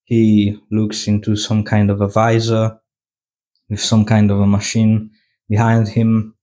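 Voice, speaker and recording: A man's voice: fairly low pitch, monotone, measured pace, dark tone. A man retelling a film's plot in a casual retrospective, sarcastic and mocking. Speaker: film reviewer.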